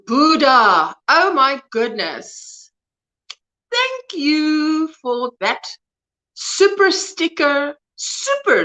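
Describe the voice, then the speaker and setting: A woman's voice: high-pitched, pushed and bright. A woman in her fifties with a South African accent, hosting a casual crochet livestream from home, chatting with viewers, greeting them by name and laughing often. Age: 50s. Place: at home, indoors.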